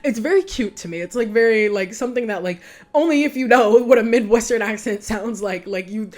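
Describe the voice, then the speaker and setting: A woman's voice: a little high, a little fast, a little mellow. A young woman vlogger casually chatting about a film she just watched, rambling, filling her talk with "like" and breaking into giggles. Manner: rambling, giggly, heavy use of "like". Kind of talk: casual chat.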